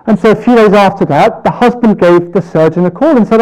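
A man preaching a sermon, earnest, with rhetorical questions and slow, emphatic pauses. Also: high-pitched, darkish tone, poor audio.

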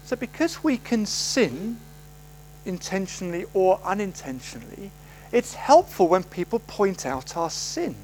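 Lively high-voiced male preacher. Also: measured pace, a little hiss or hum, rough recording. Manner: storytelling, conversational, acts out quoted voices. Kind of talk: sermon. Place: church service.

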